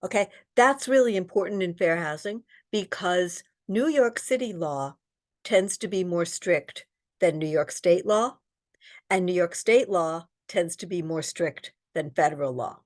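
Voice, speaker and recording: A woman instructor leading an online exam-prep lesson, reading out test questions and explaining the answers with frequent ums. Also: fairly low pitch. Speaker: real estate exam instructor.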